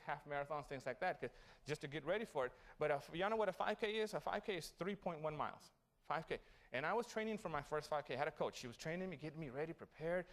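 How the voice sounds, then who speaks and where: A man speaks to graduates at a city hall event, his voice sitting a little higher than most men's. He tells a story with animated energy and keeps asking the room questions. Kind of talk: motivational speech.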